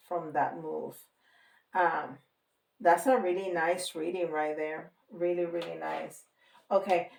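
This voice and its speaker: A woman giving a casual tarot reading to viewers, slow and reassuring, with frequent light laughter. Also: fairly low pitch, creaky, background noise. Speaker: tarot reader. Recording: roomy, from a distance.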